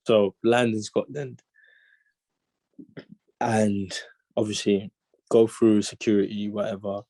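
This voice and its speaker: A man's voice: on the low side, slow pace, no room sound. Young man telling a story. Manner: animated slang-heavy storytelling, acts out quotes. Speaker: interview guest, footballer. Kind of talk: casual storytelling chat.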